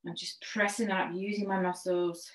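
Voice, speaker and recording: A woman speaks at normal speed in a medium-pitched voice with little pitch movement, instructing an online pilates class from an echoey room. As a fitness instructor she encourages the class, counts reps, and cues each move step by step, slightly winded.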